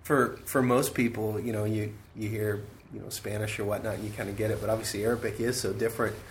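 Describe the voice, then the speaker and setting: A man's voice: lowish voice, little pitch movement, fast talker, a little hiss or hum. A man hosting an interview, asking long rambling questions with restarts in a casual way. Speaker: podcast host.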